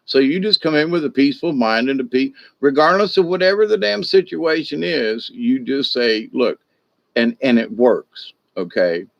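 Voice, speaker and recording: A man's voice: mid-range voice, normal speed, vocal fry, dry recording, highs cut off. A middle-aged man, hosting a casual spiritual talk in a rambling, folksy way that repeats itself. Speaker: spiritual discussion host.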